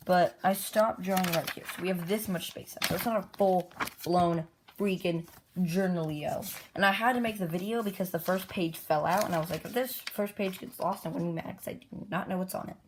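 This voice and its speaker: A woman excitedly retelling the story of her own comic journal in a rambling, casual way, jumping into brief character voices. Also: fairly low pitch, a little fast, a little hiss or hum.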